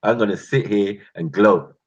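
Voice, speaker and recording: A man telling boastful street stories in a casual, slangy, animated vlog. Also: lowish voice, normal speed, breathy edge. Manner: animated, slangy, boastful, breaks into laughs and sound effects. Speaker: channel host. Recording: muffled lo-fi sound.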